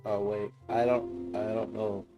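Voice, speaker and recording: Slow, subdued man muttering through a game. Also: fairly low pitch, little pitch movement, creaky, dull audio, over music. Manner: subdued, downbeat muttering to himself. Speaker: streamer. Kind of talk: casual gameplay commentary.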